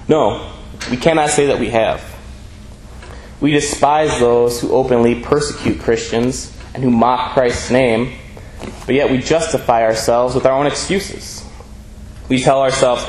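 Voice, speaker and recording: A man preaching a sermon in an earnest, measured way, reading scripture aloud between his points. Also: medium pitch, darkish tone. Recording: echoey room with faint ambient noise.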